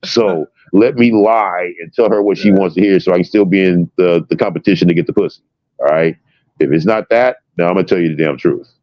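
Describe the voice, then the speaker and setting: A man's voice: sits low, brisk, no room sound. A man in casual chat, talking bluntly and emphatically with a lot of swearing. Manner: blunt, profane, emphatic storytelling. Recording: dull lo-fi audio.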